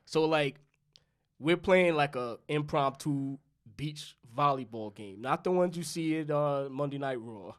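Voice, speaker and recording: A young adult man from New York co-hosts a podcast, speaking a little slowly in a fairly high voice. In casual chat he tells a loose, profane story, acting out both sides of the dialogue.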